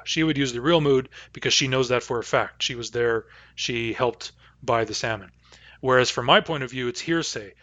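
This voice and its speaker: A man giving a recorded language lesson, pronouncing example phrases slowly and carefully. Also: mid-range voice, a bit bright, no room sound, dull audio. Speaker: language teacher.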